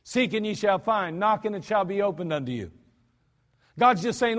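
This archived church service captures a man preaching in the sanctuary, his high-pitched, animated, slightly bright voice moving at normal speed under long hall reverb. As pastor, he leans on repetition and a folksy, emphatic delivery.

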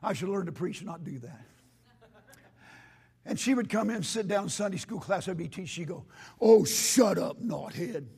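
A male pastor preaching a sermon in a church with impassioned, rising delivery, hoarse from losing his voice. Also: high-pitched, expressive, normal speed, long pauses.

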